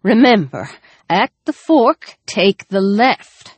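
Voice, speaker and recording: A woman reading an audiobook voices a cold, stern older woman who gives measured, commanding orders. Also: mid-range voice, big pitch swings, darkish tone, husky, no echo, voice pushed down, full character voice.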